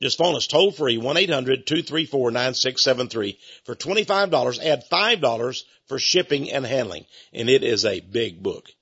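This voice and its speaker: A man hosting a radio ministry talk show, pitching a book and then commenting emphatically. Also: normal speed, few pauses, breathy edge, muffled recording. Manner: emphatic, animated delivery.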